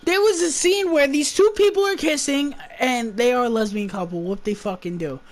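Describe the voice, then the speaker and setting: A woman's voice: high-pitched, moderate pace. A woman giving a casual movie review, rambling and swearing in an exasperated rant. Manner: rambling, profane, exasperated ranting.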